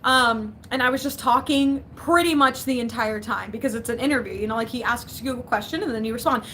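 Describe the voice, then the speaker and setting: A woman's voice: a little high, a little fast, sharp tone, slight background noise. A young woman in casual livestream chat from her basement, chatty and giggly, reading out viewers' comments. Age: young adult. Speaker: vlogger.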